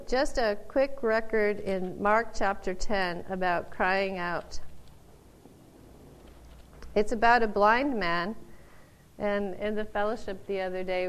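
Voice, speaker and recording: A woman teaching from the Bible in an informal talk, laughing often and acting out the people she quotes in loud voices. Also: medium pitch, steady tone, a little slow, smooth, poor audio.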